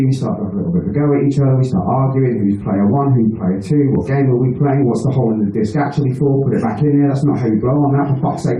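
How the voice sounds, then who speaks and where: A man's voice: mid-range voice, dark tone. A man doing a stand-up set, telling a rambling, crude story, swearing often and laughing at his own jokes. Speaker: stand-up comedian. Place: live venue with an audience. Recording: echoey room, mic heard from a distance.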